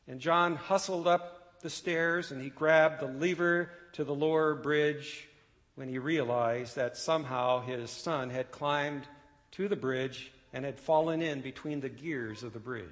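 A man preaching a sermon, telling a story with dramatic swells that drop to a hushed close. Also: on the high side. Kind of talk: sermon illustration and closing. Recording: long church reverb with faint guitar. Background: soft guitar music.

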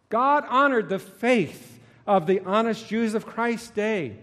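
High-voiced preacher man in echoing hall. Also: expressive, slow, few pauses. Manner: dramatic, swings from hushed to shouting. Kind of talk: sermon. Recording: long hall reverb.

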